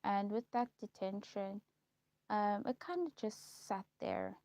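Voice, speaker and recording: A young woman telling her life story in a casual vlog, repeating herself and pausing with ums as she lists memories. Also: medium pitch, a little mellow, no echo. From South Africa. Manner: repetitive, listing recollections with frequent ums. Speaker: vlogger. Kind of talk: personal storytelling. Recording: dull lo-fi recording.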